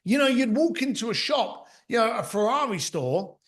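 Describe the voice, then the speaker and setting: Animated, high-voiced middle-aged man telling stories. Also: moderate pace. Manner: blunt, anecdotal, acts out other people's lines. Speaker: podcast guest, author and mentor. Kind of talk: conversational storytelling.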